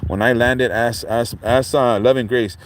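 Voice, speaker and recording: A man from California, hosting a casual livestream outdoors by a lake and telling a story in a rambling, animated way full of fillers. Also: mid-range voice, measured pace, slight background noise, poor audio. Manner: rambling, animated, full of fillers like "you know what I'm saying". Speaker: livestream host.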